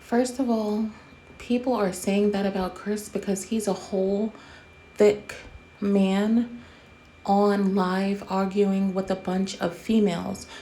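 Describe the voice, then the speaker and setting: Blunt, mellow-voiced woman host. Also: medium pitch, steady tone, slow pace, a little hiss or hum. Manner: blunt, profane, roasting. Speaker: commentary host. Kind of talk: casual commentary.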